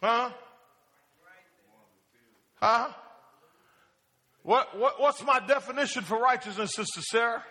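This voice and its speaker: A male pastor preaches in a church sanctuary and keeps calling on the congregation to answer him. His voice is bright and sharp. A long reverb trails behind his words in the hall. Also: very high-pitched, slow pace, pauses often. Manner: asks the congregation questions and calls for answers. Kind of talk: call-and-response sermon.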